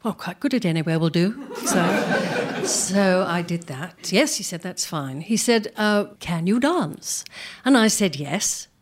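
An older woman telling career anecdotes to a live audience, animated, acting out what people said and laughing often. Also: lowish voice, unhurried, a little hiss or hum. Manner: animated, acts out quoted speech, laughs often. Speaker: performer telling career stories.

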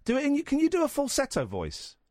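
A man's voice: extremely high pitch, wildly swooping pitch, a little mellow, no room sound. Teasing male radio host. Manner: teasing, quick to laugh. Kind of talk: phone-in banter. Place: radio studio.

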